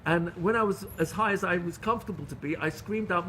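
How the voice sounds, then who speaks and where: A middle-aged rabbi giving a Torah lecture, telling stories in an earnest, animated way with frequent restarts. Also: male voice, high voice, fairly quick, few pauses, a little hiss or hum. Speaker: rabbi teaching a class.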